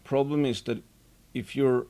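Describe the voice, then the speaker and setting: A man giving casual, unhurried investing commentary as host of his own show, rambling a bit with restarts. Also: mid-range voice, fairly even intonation, dark tone.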